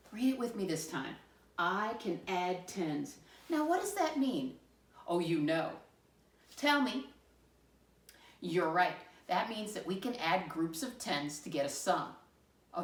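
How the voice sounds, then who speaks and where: A woman teacher walks young children through a math lesson, encouraging and animated. Her voice sits fairly low and swings widely in pitch as she coaxes answers. She sounds a little off-mic, in an echoey room. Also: far from the mic. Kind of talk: first-grade math lesson video.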